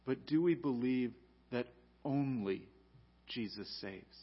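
A man preaching a sermon as pastor, rising to loud emphatic peaks and dropping to quiet, low lines. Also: a little slow, slightly rough, dull audio.

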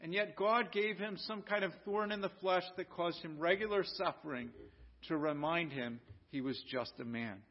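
American male pastor, high voice, earnest sermon with restarts, muffled lo-fi recording. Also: normal speed. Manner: earnest, rhetorical questions, frequent restarts. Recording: dull lo-fi recording.

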